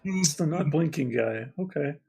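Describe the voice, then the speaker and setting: A man's voice: a little high, animated, moderate pace, vocal fry, dark tone, husky. A man playing a tabletop game, teasing in casual chat and laughing often. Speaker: player.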